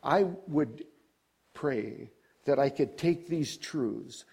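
An older man delivers a sermon at an unhurried pace. He rises high and loud on key points, then sinks low and quiet, and keeps asking the congregation questions. His voice sits at a middling pitch for a man. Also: creaky, breathy edge. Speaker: preacher.

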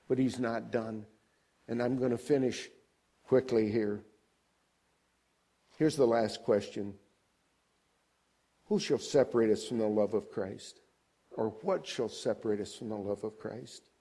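An older man delivers a sermon at an unhurried pace. He rises high and loud on key points, then sinks low and quiet, and keeps asking the congregation questions. His voice sits at a middling pitch for a man. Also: husky. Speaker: preacher.

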